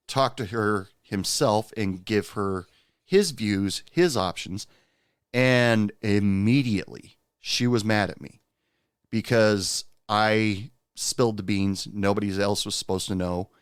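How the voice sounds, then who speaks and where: A man's voice: fairly low pitch, takes it slowly, clean tone, dry recording, clean studio sound. A man hosting a podcast, telling a personal story in a candid, rueful, conversational way. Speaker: podcast host.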